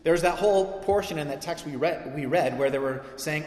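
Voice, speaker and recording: A man's voice: a little high, sing-song, a little fast, darkish tone. A man preaching a sermon, conversational and then building to emphatic peaks. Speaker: pastor. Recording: echoey hall with long reverb.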